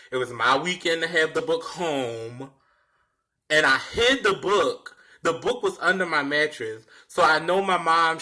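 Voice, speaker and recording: A young man casually telling a personal story in a dramatic, animated way, swearing freely. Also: mid-range voice. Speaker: vlogger.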